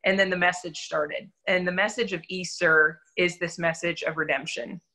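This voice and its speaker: Earnest young woman with a bright voice. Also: lowish voice, fairly even intonation, moderate pace, rough recording. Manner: candid, earnest storytelling with self-deprecating laughs. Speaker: church volunteer sharing her testimony. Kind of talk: personal faith testimony in an interview.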